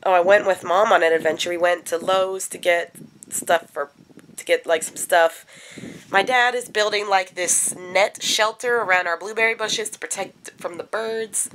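Congested raspy-voiced woman vlogging. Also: mid-range voice, moderate pace, a bit bright, slight background noise. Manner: rambling chatty with many fillers. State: congested, stuffy nose. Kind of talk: casual daily vlog. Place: at home.

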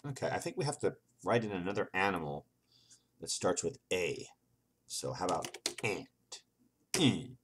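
A man's voice: sits low, very animated, normal speed, pauses often, slightly rough. A man reading an old computer game's text aloud and reacting to it with sarcastic, swearing asides. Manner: sarcastic, swearing, laughing at the game. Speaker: gaming video host.

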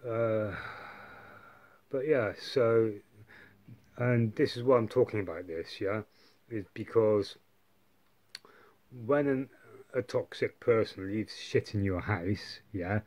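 Sweary low-voiced man rambling. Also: slow, long pauses, darkish tone. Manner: rambling, heavy swearing, many fillers and tag questions. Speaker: vlogger. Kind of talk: casual monologue.

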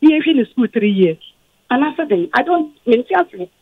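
A woman's voice: high-pitched, sing-song, normal speed, slight background noise. A Ghanaian woman calling in to a radio show, defensive and explaining at length. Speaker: caller, former guardian. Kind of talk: radio call-in talk. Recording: dull, dry phone line.

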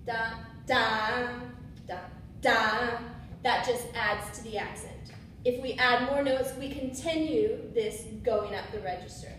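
Standing in a room with a board, a woman shows musicians how to phrase swing, singing out syllables and correcting herself along the way in a casual manner. She speaks at a fairly high pitch and normal speed. A distant mic in an echoey space captures a little hiss or hum.

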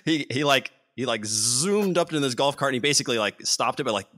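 A man with a crisp, bright tone talks in an easygoing podcast chat. He tells stories in a rambling, animated way and laughs often. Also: mid-range voice, quick pace. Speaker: podcast host. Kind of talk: casual storytelling chat.

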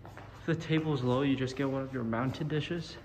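A man's voice: medium pitch, fairly even intonation, normal speed, a little mellow, a little hiss or hum. A young man chatting casually as he walks through a campus building and museum, a little out of breath, with wry asides. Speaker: vlogger. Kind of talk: casual vlog commentary while walking.

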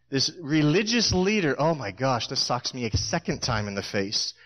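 A middle-aged man preaching a sermon in a church, telling stories with lively acted-out quotes. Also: mid-range voice. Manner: storytelling, animated, acts out voices in quotes.

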